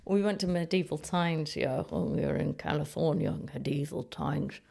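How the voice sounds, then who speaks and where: A woman's voice: deep voice, moderate pace, vocal fry, darkish tone. A middle-aged woman, a comedian, telling rambling, self-mocking anecdotes in casual chat. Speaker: comedian and ventriloquist host. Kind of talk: casual comic storytelling.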